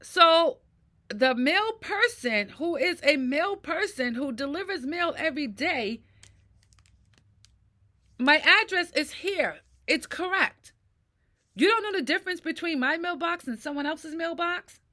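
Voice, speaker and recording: Ranting about her own life on camera, a middle-aged woman who vlogs about mental health curses and keeps tossing in "right?". Her voice is extremely high and sharp, with lively intonation and an unhurried pace.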